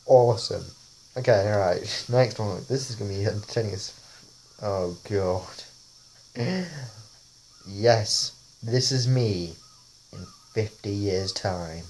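A man's voice: fairly low pitch, slow, a little mellow, a little hiss or hum. A man casually talking over a face-swap app, rambling and often laughing. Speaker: vlogger.

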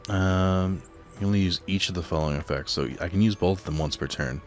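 A man's voice: low voice, brisk, faint music behind. A man thinking aloud while he plays a card game at home, rambling and reading out card text in casual commentary. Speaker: let's play host. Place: home apartment.

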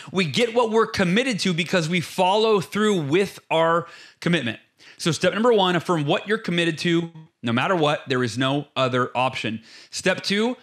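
High-voiced, emphatic motivational speaker man. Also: a bit bright. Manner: emphatic, acts out inner voices; lays out numbered steps. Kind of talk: energetic motivational explanation.

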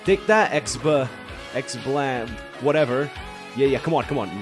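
A man's voice: medium pitch, lively intonation, a little slow, over music. A man swearing his way through profane, sarcastic gameplay commentary, swinging between cocky boasts and exasperation. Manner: swears constantly, swings between mock bravado and frustration.

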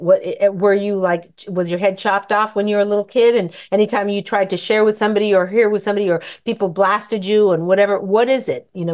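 A woman's voice: mid-range voice, a little mellow. A middle-aged woman hosting a talk show, giving casual, rambling marriage advice and acting out little dialogues. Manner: chatty, rambling, acts out dialogue. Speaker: host answering questions.

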